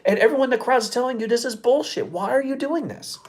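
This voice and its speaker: A man's voice: very high voice, quick pace. A man hosting his own live show, ranting casually with a lot of profanity and exasperation. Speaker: show host.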